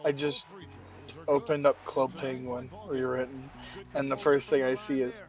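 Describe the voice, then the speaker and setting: A young man guest on a game stream, chatting casually in a halting, giggly way that often trails off. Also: medium pitch, flat delivery. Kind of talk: casual chat.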